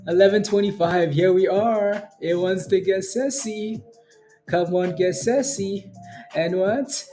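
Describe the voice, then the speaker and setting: Man, live trading commentary, excitable, slow-paced, mellow tone, faint music behind. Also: high voice. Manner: excitable, cheers on price moves, chants and laughs. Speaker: day trading livestream host.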